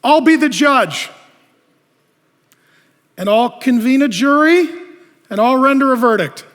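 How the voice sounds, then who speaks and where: Brief: pastor putting on a swaggering self-made judge, loud and high, echoing hall. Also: male voice, lively intonation, full character voice. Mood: self-important. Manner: loud, swaggering, drawn-out declarations. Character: proud self-appointed man playing judge.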